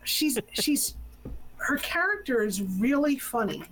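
A woman in a casual pop-culture chat, telling stories in an animated, laughing way. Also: sits high, slow, slight background noise, low-quality recording.

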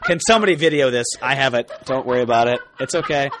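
A man's voice: medium pitch, fast. A young man filming his friends, giving teasing, crude running commentary in casual chat. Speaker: vlog host filming friends. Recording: loud background noise.

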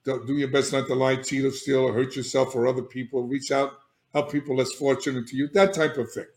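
A man's voice: mid-range voice, brisk. Older man telling his story, echoey room. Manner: animated and emphatic, frequent restarts and "all right?" check-ins. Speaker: guest, addiction therapist. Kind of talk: candid personal storytelling.

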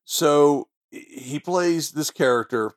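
A man's voice: a little high, slow pace. A man co-hosting a podcast, enthusiastically retelling movie scenes in casual chat. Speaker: podcast co-host.

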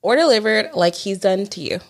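A woman co-host in easy conversation, blunt and teasing. She talks at a middle pitch and gives her opinions outright. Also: expressive, brisk, creaky. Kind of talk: casual chat.

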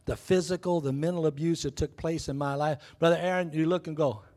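A man in his sixties, a pastor giving a lively church sermon and welcome, jokey and exuberant with sudden whoops. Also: a little high, a little fast. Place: church sanctuary.

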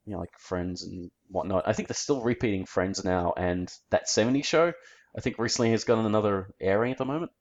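A man's voice: lowish voice, brisk, highs cut off. An Australian man chatting casually as a podcast co-host, rambling easily and searching for his words. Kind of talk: casual chat.

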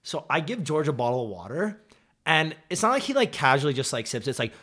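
A man's voice: on the high side, a little fast. A young man co-hosting a podcast, joking around and playing out both sides of an argument with a friend. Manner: relaxed, joking, acts out friend's lines. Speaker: podcast co-host. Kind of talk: casual storytelling chat.

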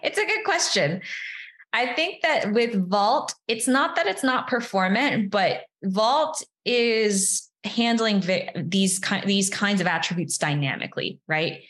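A woman's voice: medium pitch, expressive, a little slow, fairly bright tone. A woman, a developer advocate guest, explaining step by step in casual interview talk, often adding "you know" and "right".

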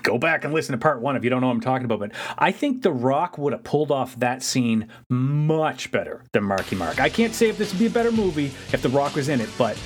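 A man co-hosting a podcast, recapping a movie in casual chat, sarcastic and animated. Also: mid-range voice, fast, hardly any pauses, slightly rough, soft background music. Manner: sarcastic, animated, mocking impressions. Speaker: podcast co-host.

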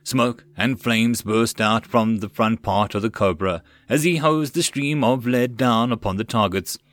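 A man's voice: medium pitch, measured pace, no echo. Man narrating a web novel audiobook. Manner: steady, plain reading with occasional stumbles. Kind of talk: reading a web novel aloud.

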